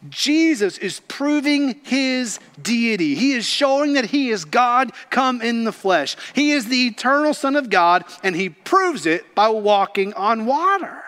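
A man preaching a sermon, swinging from loud exclamations to hushed whispers with slow, deliberate emphasis. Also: very high voice, lively intonation. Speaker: pastor.

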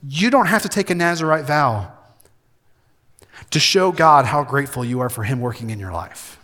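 A man preaching a sermon as pastor, emphatic, shifting between loud, urgent passages and soft, intimate ones. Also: mid-range voice, lively intonation, moderate pace. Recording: hall reverb.

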